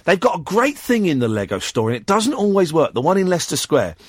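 A male radio host with a slightly husky, breathy voice that swings widely up and down in pitch as he jokes with a caller. He talks casually and teasingly into a close studio microphone. The sound is dry and close, with no room echo. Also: fast. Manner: playful, teasing and animated, with frequent laughter. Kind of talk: casual chat on late-night phone-in radio.

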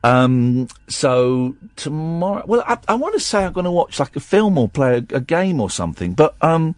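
A man's voice: a little high, very animated, normal speed, no echo, clean studio sound. A man hosting a radio show, chatting casually on air in a rambling way with plenty of restarts.

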